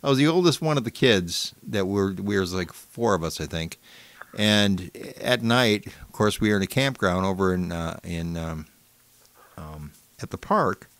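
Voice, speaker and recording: A man's voice: low-pitched, normal speed, fairly bright tone, no echo. A man in his fifties from Michigan, a host who rambles through stories and laughs easily in casual chat.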